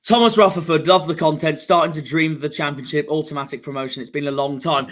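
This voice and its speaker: Young man, livestream football watchalong host, bright tone, higher side, frustrated ranting with sudden shouts. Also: fairly even intonation, quick pace, few pauses. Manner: frustrated, ranting, swings between muttering and shouting. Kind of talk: live football watchalong commentary.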